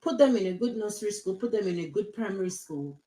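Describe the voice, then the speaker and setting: A woman's voice: medium pitch, lively intonation, fast, mellow, roomy sound, low-quality recording. A woman from Nigeria with an accent mixing Nigerian, British and American, talking casually on a live stream, emphatic and repeating her advice, slipping into Yoruba phrases. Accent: mixed Nigerian, British and American. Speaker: social media live host.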